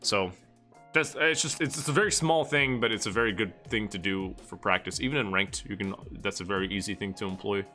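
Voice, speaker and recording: A man's voice: fairly low pitch, fairly quick, sharp tone, soft background music. A man streaming live, casually reviewing competitive match replays, rambling and swearing freely. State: getting out of breath.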